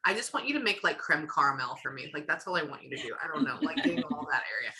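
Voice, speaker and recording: This psychic medium talks through a reading on camera, performing the messages she says she hears, while a loud crowd is audible. Her low voice moves in a sing-song way at a very fast clip, picked up by a camera or video-call mic.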